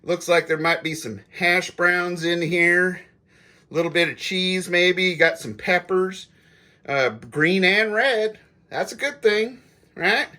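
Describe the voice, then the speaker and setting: A man's voice: high voice, takes it slowly, pushed and bright. A middle-aged man hosting a casual food review vlog, chatting folksily to his viewers while he tastes food. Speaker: prepper channel host.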